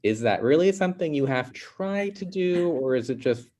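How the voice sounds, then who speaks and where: A man hosting a podcast in casual banter, joking and self-deprecating, his pitch jumping up when he introduces himself. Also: animated, moderate pace, a little mellow. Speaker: podcast host.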